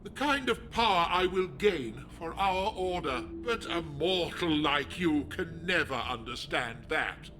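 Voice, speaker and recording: A man voicing a megalomaniac male leader of a druid order in a video game, talking in a slow, menacing, pompous way. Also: a little high, animated, noisy background. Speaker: game villain.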